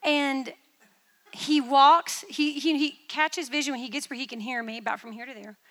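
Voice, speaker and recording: A woman preaching a testimony in a church, telling a vision with animated, dramatic storytelling. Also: sits high, normal speed, in a large hall.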